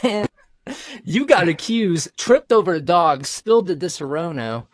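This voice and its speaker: A man's voice: high voice, lively intonation, measured pace, no echo. A man co-hosting a podcast, recapping a shared story in a joking, teasing way. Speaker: podcast co-host. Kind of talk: casual chat.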